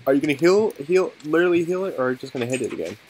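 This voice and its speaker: A man's voice: fairly high pitch, animated, very fast, background noise. A man giving casual, joking commentary over his game video and talking to his viewers. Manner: joking, laughs often, talks to viewers. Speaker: gaming video host.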